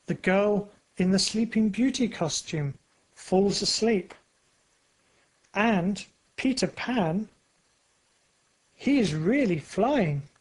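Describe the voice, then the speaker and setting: A narrator reading a storybook aloud for language learners in a clear, carefully paced way. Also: medium pitch, lively intonation, takes it slowly, long pauses, a little mellow, rough recording.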